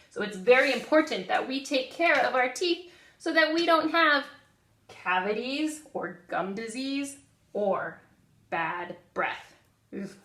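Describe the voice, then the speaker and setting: A woman's voice: mid-range voice, a bit bright. A woman giving a lesson to first graders, drawing out her words and having the class repeat after her. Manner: slow, drawn-out, call-and-repeat teaching. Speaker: guest teacher. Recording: echoey room, voice from a distance.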